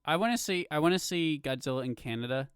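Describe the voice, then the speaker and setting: A man's voice: fairly high pitch, animated, fast, clean tone, no room sound, clean studio sound. A man co-hosting a podcast, chatting casually and animatedly with mock outrage and frequent laughter. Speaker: podcast co-host. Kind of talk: casual chat.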